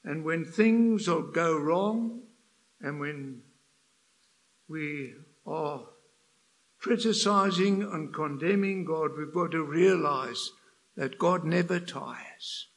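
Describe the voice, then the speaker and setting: An older man preaching a sermon in a church, swinging between hushed passages and loud, passionate emphasis. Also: fairly high pitch, slow pace, gravelly.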